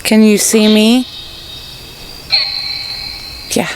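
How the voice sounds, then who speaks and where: Woman gently coaxing a spirit outdoors. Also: mid-range voice, flat delivery, drawn-out words. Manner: soft, coaxing, speaking to a spirit child. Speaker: paranormal investigator. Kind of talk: emotional graveside spirit session. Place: outdoors at a cemetery at night. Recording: noisy outdoor recording with crickets.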